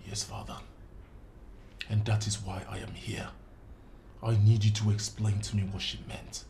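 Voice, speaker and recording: A man's voice: mid-range voice, expressive, a little slow, background noise. An actor playing an elder prince who is indignant at his brother and pleads with his father for answers. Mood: pleading.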